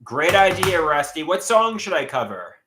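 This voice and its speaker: A man's voice: fairly high pitch, sing-song, normal speed, echoey room, background noise. A man streaming live and reading chat, talking in an agitated, repetitive way with many stumbling restarts.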